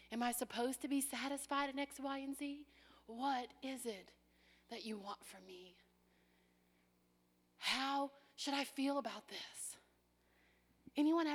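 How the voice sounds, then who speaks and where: A woman preaching a sermon, acting out prayers in a child's voice and dropping at times to a whisper. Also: high-pitched.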